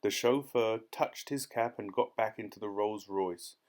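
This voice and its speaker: A man narrating a children's audiobook in a clear, steady storytelling manner. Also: lowish voice, unhurried. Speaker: audiobook reader.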